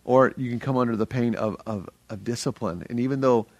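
A middle-aged man preaching a sermon as a pastor, energetic and earnest, speaking conversationally with frequent restarts. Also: mid-range voice, fairly quick, no room sound.

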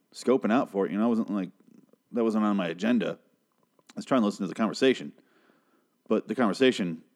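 A young man with a lowish, somewhat dark voice recaps and reviews a TV episode in a casual monologue. He rambles sarcastically, swears freely, and acts out the characters' lines.

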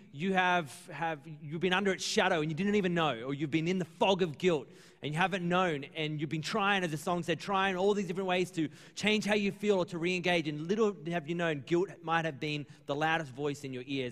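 A man's voice: a little high, fairly bright tone, big-room sound. A man preaching a sermon as pastor, earnest and conversational, acting out little exchanges with churchgoers. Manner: conversational, earnest, acts out dialogue.

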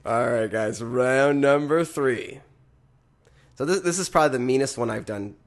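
Rambling, halting male podcast host. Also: medium pitch. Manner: rambling, halting, self-deprecating. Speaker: podcast host running a blind tasting. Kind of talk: casual chat.

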